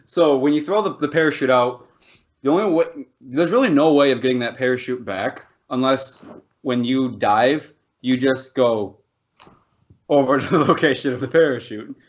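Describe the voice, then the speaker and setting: A man's voice: medium pitch, moderate pace. A man co-hosting a podcast, rambling and laughing through loose banter with plenty of swearing. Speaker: podcast co-host. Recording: dull lo-fi podcast audio.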